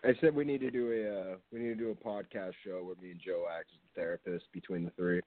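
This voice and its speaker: A man's voice: sits low, fairly even intonation, fast talker, no echo. A man co-hosting a podcast, joking in casual chat. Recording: tinny phone-like dry sound.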